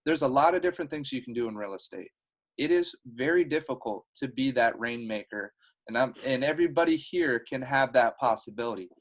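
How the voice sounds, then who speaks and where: A man's voice: medium pitch, expressive, fairly quick, rough recording. A man leading his team's video call meeting, talking in an earnest, heartfelt and rambling way. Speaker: team leader. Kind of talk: motivational team meeting talk.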